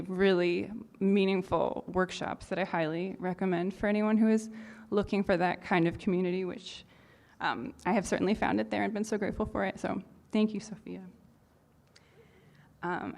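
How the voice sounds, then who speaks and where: A woman hosts a live poetry reading, thanking one poet and introducing the next. She talks quickly and gushes with praise. Her voice sits at a middling pitch. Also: darkish tone. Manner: effusive, quick, gushing. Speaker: reading series host.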